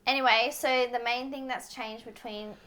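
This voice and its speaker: Aussie woman cohosting a chatty podcast, bit high voice, bubbly, lots of little ooh's and oh's. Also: fairly even intonation, a bit bright. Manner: bubbly, exclamatory, quick to react. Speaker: podcast co-host. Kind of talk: casual chat.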